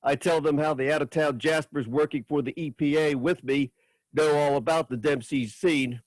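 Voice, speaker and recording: A man reading a chapter of his own novel aloud at a writers' open mic, in steady, measured first-person narration. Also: a little high, no room sound.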